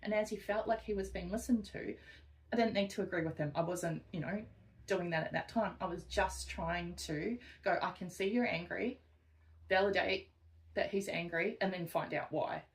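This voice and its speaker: A woman's voice: on the low side, normal speed, poor audio. A woman co-hosting a casual podcast, a social worker who tells work stories and acts out the people she quotes. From Australia. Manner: animated storytelling, acts out quotes.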